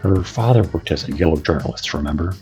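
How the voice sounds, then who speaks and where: A man playing a calm, matter-of-fact guide figure in an audio drama, explaining things plainly. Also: very deep voice, quick pace, soft background music. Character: Micah, a composed male guide figure.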